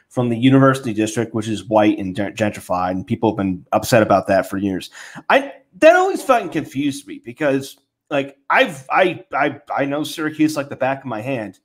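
A man from upstate New York co-hosting a podcast, telling rambling anecdotes with lots of fillers and swearing. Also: medium pitch. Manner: rambling storyteller, many fillers, profane. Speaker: podcast co-host. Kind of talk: casual chat.

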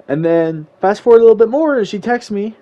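A young man tells a rambling, slang-filled story-time tale, breaking into exasperated outbursts. His voice sits a little high but sounds mellow and dark. The recording is slightly muffled and lo-fi. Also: animated, fairly quick. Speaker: vlogger telling a story.

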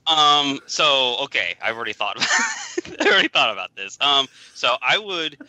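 A man appearing as a guest on a casual podcast, playful and quick to laugh. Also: medium pitch, big pitch swings, bright, forceful tone, no echo, rough recording.

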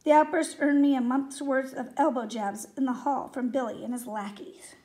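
A woman reading a children's story aloud with gentle, expressive storytelling. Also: high voice, moderate pace, a little hiss or hum. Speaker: story reader.

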